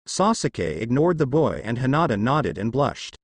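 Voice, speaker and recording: A man narrating a fan fiction story in a lively storytelling way. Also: normal speed, few pauses, slightly rough, no echo, studio quality. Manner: lively storytelling, varies pitch for dialogue.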